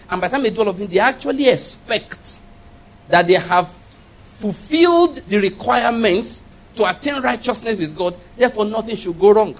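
High-pitched man preaching emphatically. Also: lively intonation, moderate pace. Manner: emphatic, rhetorical call-and-response questions; repeats key phrases for emphasis. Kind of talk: sermon.

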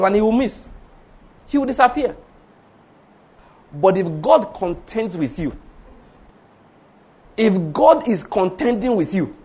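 A man preaching a storytelling sermon, swinging between hushed asides and loud exclamations. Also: sits high.

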